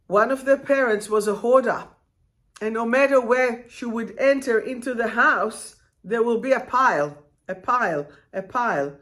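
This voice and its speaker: A woman spiritual life coach talking live to her viewers, expressive and direct, drawing out her words and asking them questions. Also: a little high. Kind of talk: live-stream talk to viewers.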